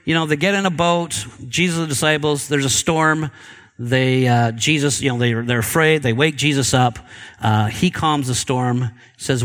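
A man's voice: fairly high pitch, animated, moderate pace, fairly bright tone. A man preaching a sermon in a casual, chatty way, asking his audience questions. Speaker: pastor.

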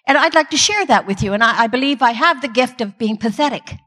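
A woman's voice: fairly high pitch, expressive, fast, pushed and bright, big-room sound. An older woman giving a humorous, self-deprecating Christian talk from a stage with comic timing. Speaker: Christian speaker. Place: stage in a large hall.

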